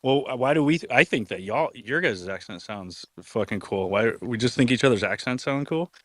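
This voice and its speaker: A man hosting a casual online chat, asking relaxed, curious questions and laughing easily. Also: mid-range voice, a little fast, dry recording. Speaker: host.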